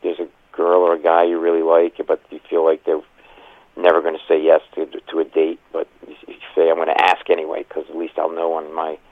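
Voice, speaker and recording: Man, 50s, comedian, anecdotal storytelling, deep voice, tinny phone-like recording. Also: monotone, no echo. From Providence, Rhode Island. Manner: fast anecdotal storytelling with acted-out quotes and laughs. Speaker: comedian telling stories. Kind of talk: animated storytelling interview.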